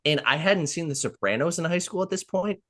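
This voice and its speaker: A man co-hosting a podcast, talking casually about a film in an animated, profane way and acting out what people said. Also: on the high side, fairly quick. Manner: animated, profane storytelling with acted-out quotes. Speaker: podcast co-host.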